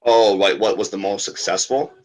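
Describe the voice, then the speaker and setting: A man's voice: on the low side, steady tone, moderate pace, a little mellow. A man, a book author and podcast guest, talking in a rambling, casual way with many fillers and restarts.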